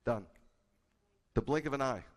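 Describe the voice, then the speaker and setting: A man who is a rabbi, preaching a sermon emphatically and shifting between loud bursts and low confiding asides. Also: animated, normal speed. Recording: echoey hall with a long tail.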